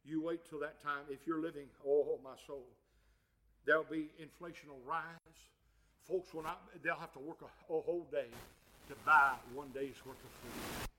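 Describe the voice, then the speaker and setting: A man preaching a fervent sermon. He moves from quiet, folksy asides to shouted passages and calls his listeners "my friend" and "honey.". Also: on the high side, fairly even intonation, normal speed, slight background noise, rough recording.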